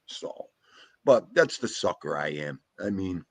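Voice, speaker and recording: A man's voice: low-pitched, a little slow, vocal fry, breathy edge, no echo. Guy hosting a chat, voice jumps all over, super dry close sound, slangy and emphatic. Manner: animated, emphatic storytelling with street slang. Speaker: host. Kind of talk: casual chat.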